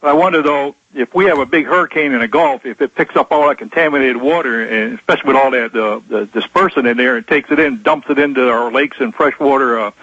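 A man from Texas phones in to a talk-radio show and muses casually. His voice is husky and mid-pitched, and it comes through a muffled phone line that sounds dry and close. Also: quick pace, few pauses, a bit bright, no room sound. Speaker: radio caller. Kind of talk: phone-in call.

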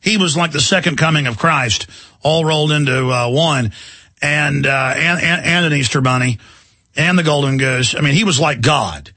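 A man's voice: a little high, normal speed, sharp tone, dry recording. A man hosting a talk radio show, rambling and indignant in an emphatic monologue from a studio.

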